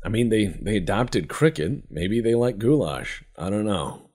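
A man's voice: lowish voice, very animated, measured pace, a little mellow, husky. A man giving joking, profane, rambling commentary while playing a strategy game. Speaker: gameplay commentator. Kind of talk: let's-play commentary.

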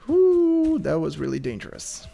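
A man's voice: medium pitch, measured pace, darkish tone, faint music behind. Chatty nervous man narrating his gameplay. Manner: chatty, nervous laughs, thinks aloud. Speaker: gameplay commentator. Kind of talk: casual gameplay commentary.

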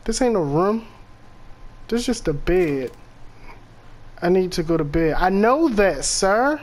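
Let's-play host, mid-range voice, slow delivery, spooked and profane, direct-to-viewer chatter. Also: medium pitch, animated. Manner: jumpy, easily spooked, swears a lot, talks to viewers. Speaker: gaming channel host. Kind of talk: horror game let's-play commentary.

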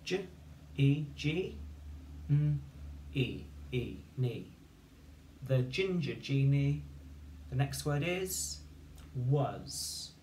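A man's voice: medium pitch, sing-song, drawn-out words, long pauses, darkish tone, slight background noise. A man teaching a phonics lesson, patiently dictating a sentence and spelling words out letter by letter. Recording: echoey room, voice from far off.

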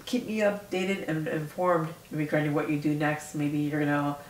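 A woman's voice: low voice, steady tone, moderate pace, darkish tone. A woman hosting a casual interview, chatty, asking short questions. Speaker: interview host. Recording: echoey room, distant from the mic, faint noise.

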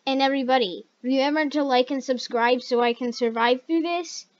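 A woman hosting a gaming video, chatting casually through the play, chatty and excitable and yelping when startled. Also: high-pitched, a little fast, a little hiss or hum. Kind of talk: casual gameplay commentary. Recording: dull lo-fi recording.

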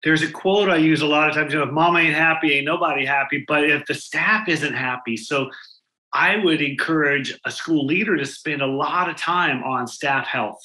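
Male guest, forceful bright voice, high-ish, echoey room, lively anecdotal storyteller. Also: normal speed. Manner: animated, acts out quoted people in his anecdotes. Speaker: guest speaker on school culture. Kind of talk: storytelling interview answers.

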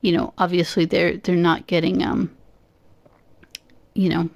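A woman's voice: fairly low pitch, level tone, measured pace, vocal fry, dry recording. A woman on a casual podcast chat who talks thoughtfully and hesitantly, with many fillers. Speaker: podcast guest co-host.

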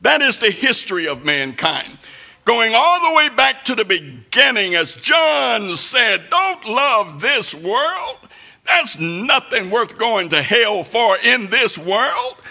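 A man preaching a sermon in a sing-song cadence that rises to shouts. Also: very high-pitched, big pitch swings, slow pace, creaky.

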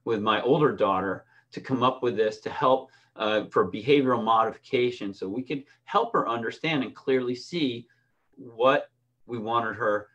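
A man's voice: medium pitch, moderate pace, fairly bright tone, lo-fi sound. A middle-aged man, a swim coach, giving a conversational lesson with personal stories, often restarting and checking in with "right?". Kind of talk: instructional talk with personal stories.

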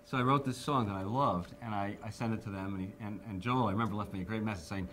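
A man's voice: fairly low pitch, fast talker, few pauses, fairly bright tone, a little hiss or hum. A man in his fifties, being interviewed, telling anecdotes animatedly and acting out the people he quotes. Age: 50s.

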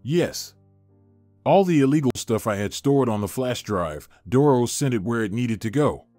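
A man reading the part of a tense, vengeful young woman who speaks quietly. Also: mid-range voice, animated, normal speed, no echo, faint music behind, close to an everyday voice.

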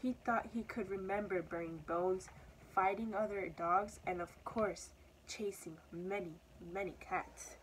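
A young woman, a student, reading a children's story aloud with steady, expressive storytelling. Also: mid-range voice, unhurried, slight background noise, poor audio. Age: teenager or young adult. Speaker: student reader.

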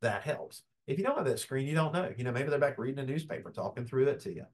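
Calm folksy man lecturing. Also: medium pitch, quick pace. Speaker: business law presenter. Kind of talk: webinar lecture. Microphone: video call webcam.

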